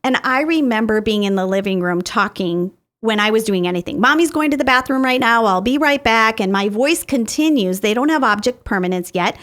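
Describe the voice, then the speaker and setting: A woman's voice: fairly high pitch, animated, fairly quick, few pauses, a bit bright. A middle-aged woman speaking as a therapist guest on a podcast interview, explaining her ideas through everyday family examples.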